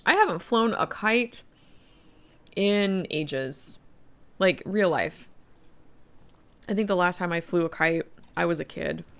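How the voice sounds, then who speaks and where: A woman's voice: fairly low pitch, lively intonation, slow pace, long pauses. A middle-aged woman streaming a game, chatting casually, thinking aloud and reading quest text. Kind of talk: casual live-stream commentary.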